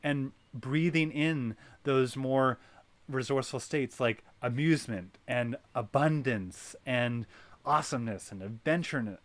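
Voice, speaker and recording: A man hosting a wellness circle, talking in an animated coaching way that is full of "right?" and "you know". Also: medium pitch, no room sound. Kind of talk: guided wellness talk.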